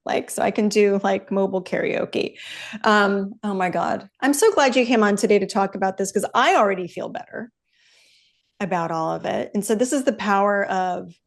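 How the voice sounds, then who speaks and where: An upbeat woman in middle age hosts a casual podcast chat. She talks in a candid, rambling way and is loose with her language, with an ordinary mid-height pitch for a woman. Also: moderate pace, vocal fry. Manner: chatty, upbeat, loose with profanity. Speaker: podcast host.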